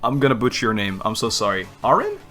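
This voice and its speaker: A man's voice: on the low side, quick pace, a bit bright, soft background music. A man from the Netherlands, a YouTuber answering viewer questions in a casual chat, laughing easily and poking fun at himself. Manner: chatty, laughs easily, self-deprecating.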